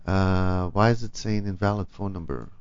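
A man's voice: low-pitched, moderate pace, clean tone, no echo. A male radio host chats casually on air, hesitating often and restarting his sentences. The studio sound is dry and close. The audio is dull and lo-fi. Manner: hesitant, many ums and restarts. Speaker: radio talk show host.

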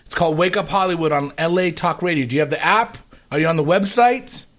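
A male radio show host in casual, jokey banter, excitable and full of filler words. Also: on the high side, fast talker.

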